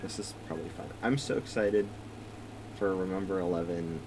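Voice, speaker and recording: A man's voice: low voice, fairly quick, darkish tone, slight background noise, poor audio. A young man casually narrating a video game he is starting, rambling, swearing and laughing often. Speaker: let's play streamer. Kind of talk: casual gameplay commentary.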